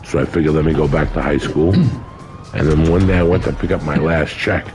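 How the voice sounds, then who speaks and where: A man's voice: rumbling low, fairly even intonation, a little fast, darkish tone, soft background music. A man in his sixties, a podcast guest telling a story in casual chat, blunt and profane.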